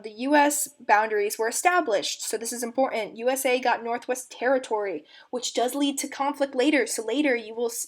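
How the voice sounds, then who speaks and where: A young woman giving a casual history explainer as a student presenter, chatty and filler-heavy with frequent ums and likes, and giggly asides. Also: on the high side.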